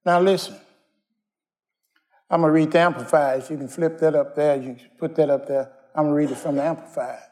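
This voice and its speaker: A man's voice: fairly high pitch, fairly even intonation, brisk, a little mellow. A man preaching a sermon as pastor, telling plainspoken stories in everyday slang and asking the congregation to call back answers. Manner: folksy, call-and-response preaching.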